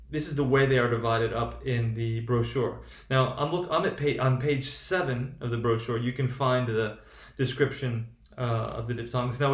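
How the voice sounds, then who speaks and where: A man teaching a phonetics lesson on video, often pausing to ask "right?" as he explains. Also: medium pitch. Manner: halting, checks in with "right?". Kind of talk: recorded lecture. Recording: roomy echo.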